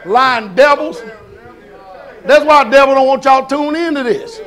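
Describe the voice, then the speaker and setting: A man preaching a sermon, animated, shouting and laughing, acting out voices. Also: very high-pitched, unhurried.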